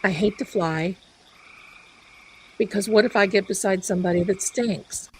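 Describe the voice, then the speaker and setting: A woman hosting a live stream, telling a story in an animated, chatty way. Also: medium pitch, normal speed, slightly rough, rough recording. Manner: animated, chatty, loud bursts of laughter. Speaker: psychic live-stream host.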